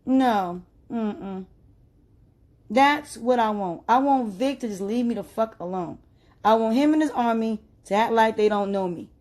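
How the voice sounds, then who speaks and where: A woman, ranting emphatically on a live stream and growing loud and agitated. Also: a little high, a little slow. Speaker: livestreamer. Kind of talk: heated live-stream rant.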